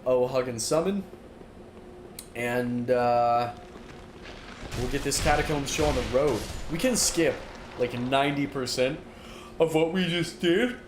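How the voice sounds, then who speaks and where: A man's voice: mid-range voice, measured pace, pauses often. Young man streaming, in an echoey room. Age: young adult. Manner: rambling, lots of fillers, reads chat aloud. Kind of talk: casual gameplay stream chat. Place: dorm-style room, standing while streaming. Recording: roomy echo, faint room noise.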